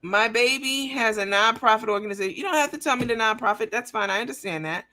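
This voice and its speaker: A woman's voice: on the high side, fast, bright, forceful tone. A woman hosting a livestream, reading viewer comments aloud and talking bluntly and profanely in a mocking, emphatic way.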